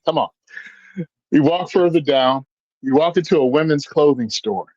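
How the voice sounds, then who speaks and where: A man's voice: on the high side, moderate pace, dry recording, highs cut off. A man telling stories in casual chat as a podcast guest, acting out the voices of the people he quotes. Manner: animated storyteller, acts out quoted voices.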